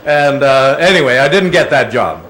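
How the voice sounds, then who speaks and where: An older man giving an animated, anecdotal talk to an audience, slipping into voices as he goes. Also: mid-range voice, moderate pace, rough recording. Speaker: guest speaker. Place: auditorium presentation.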